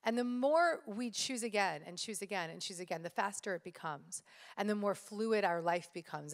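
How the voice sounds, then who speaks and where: A woman speaking live to an audience, telling stories with energy and addressing the crowd directly. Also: mid-range voice. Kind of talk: motivational live talk. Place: stage in a large hall. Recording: live hall with reverb.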